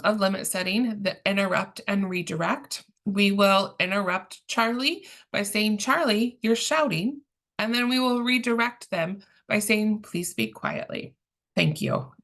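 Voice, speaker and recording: A woman giving a training presentation in a calm, measured, explanatory way, pausing often with ums. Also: medium pitch, creaky.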